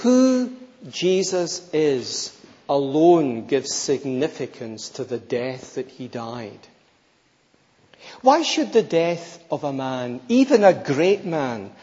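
A man's voice: high-pitched, dark tone. A man preaching a sermon, emphatic and rhetorical, repeating key phrases for weight. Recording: long reverb, slightly dull sound.

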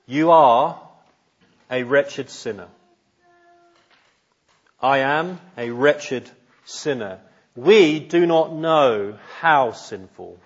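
A man's voice: mid-range voice, husky, muffled recording. A man preaching a sermon in an earnest, searching way, putting pointed questions to his listeners.

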